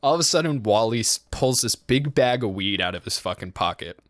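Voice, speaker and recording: A man's voice: mid-range voice, animated, brisk, fairly bright tone, no room sound, studio quality. A young man co-hosting a podcast, telling a rambling, profane story and laughing often as he goes. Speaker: podcast co-host. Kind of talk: casual storytelling chat.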